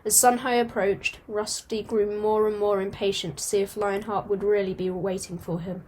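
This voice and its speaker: A woman reading a storybook aloud at a steady pace, now and then stumbling and starting a phrase again. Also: medium pitch, moderate pace, a little hiss or hum. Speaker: audiobook reader.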